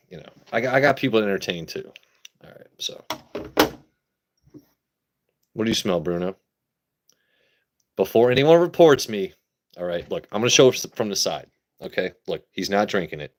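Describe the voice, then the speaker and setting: A man's voice: on the low side, background noise. A man hosting a casual livestream, playfully talking to his pet and his chat viewers. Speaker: livestream host.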